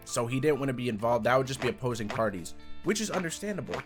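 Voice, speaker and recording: Young male anime reviewer, mid-pitched voice, chatty and excitable. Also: fast, over music. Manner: animated, jumps into loud excited bursts and laughs. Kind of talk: casual review vlog.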